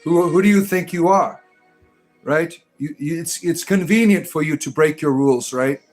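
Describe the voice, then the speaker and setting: A man hosts a livestream and argues back at the chat in a mocking, combative way. His voice sits a little high for a man. Soft music plays faintly underneath. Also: normal speed. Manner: combative, mocking, repeatedly says "right?". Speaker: livestream host.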